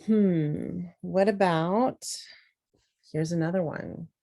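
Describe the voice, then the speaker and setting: A woman's voice: lowish voice, slow pace, gravelly, warm tone. A woman giving a patient phonics lesson to teachers, sounding out words as she writes. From Southern US.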